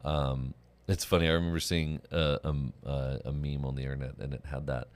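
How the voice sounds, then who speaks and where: A man's voice: rumbling low, flat delivery, fairly quick. A man hosting a morning show, chatting casually and telling rambling stories full of restarts and laughs. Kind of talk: casual chat.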